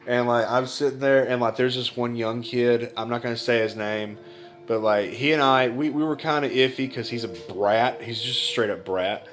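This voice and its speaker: A man's voice: medium pitch, normal speed, faint music behind. A young man telling a personal story in a blunt vlog style, swearing a lot and getting emotional as he retells it. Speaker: vlogger.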